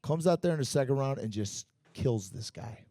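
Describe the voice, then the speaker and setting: A Muay Thai fighter telling stories in a casual podcast interview at a bar and grill, animated and profane, full of fillers. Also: male voice, mid-range voice, moderate pace, dry recording.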